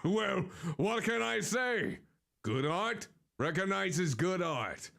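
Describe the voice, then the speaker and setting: A man voicing a sneering, slick former rock guitarist villain in a deep, hushed tone. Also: lively intonation, slow, gravelly, full character voice. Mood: smarmy.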